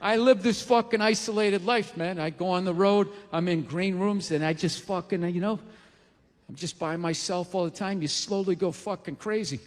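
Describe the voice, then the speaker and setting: A man's voice: high voice, moderate pace, big-room sound, a little hiss or hum. A man in his forties doing a stand-up comedy set, ranting and profane, with sarcastic asides. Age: 40s. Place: comedy stage.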